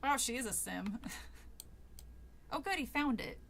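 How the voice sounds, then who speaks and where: A woman playing a horror game and commenting aloud, chatty and quick to laugh as she talks back at what she sees. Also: on the high side, lively intonation, gravelly, a bit bright, slight background noise. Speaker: video game streamer. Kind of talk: let's play commentary. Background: game music.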